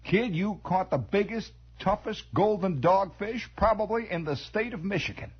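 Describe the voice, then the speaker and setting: A man's voice: sits high, normal speed, husky, voice pushed up. A man voicing a grizzled old male fisherman, drawling and emphatic, on a dull lo-fi 1960s radio broadcast. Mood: awed.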